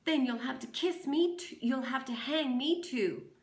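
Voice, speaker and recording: A woman's voice: high voice, a little slow, far from the mic, pitched above the performer's own voice. A woman voicing a desperate, defiant young schoolteacher who speaks urgently and out of breath, read aloud in an echoey room.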